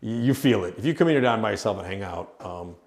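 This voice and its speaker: A man's voice: on the low side, lively intonation, fast talker, darkish tone. A man who owns a haunted house, casually explaining it on a tour with lots of fillers and restarts. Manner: rambling, with many fillers and restarts. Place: inside an old industrial building.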